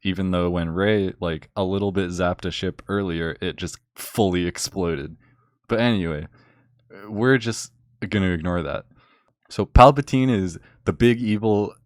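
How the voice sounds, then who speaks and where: A young man rants about a film in a loose, rambling way, with a sarcastic edge and constant fillers. His voice is very low. The sound is close and dry, with no room echo. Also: unhurried. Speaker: vlogger. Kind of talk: casual rant recapping a film.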